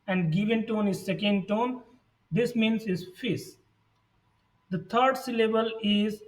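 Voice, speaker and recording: Male language teacher, high voice, very slow and deliberate, mic a little distant. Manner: deliberate, reading sounds out one by one. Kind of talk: pronunciation lesson. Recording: voice set back from the mic.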